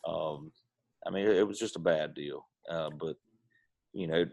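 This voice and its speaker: A man's voice: extremely low pitch, measured pace, creaky, a little mellow, breathy edge. A middle-aged man with an Eastern North Carolina accent, telling stories in a laid-back, drawling way as an interview guest. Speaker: guest, pitmaster. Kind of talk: casual interview chat.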